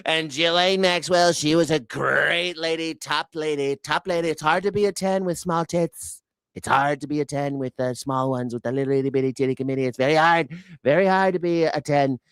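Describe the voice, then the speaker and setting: A man doing a mocking impression of a crude, boastful older male politician, drawling slowly with a leering tone. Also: fairly high pitch, fairly even intonation, fairly bright tone, clear, resonant tone, no echo, voice pushed up.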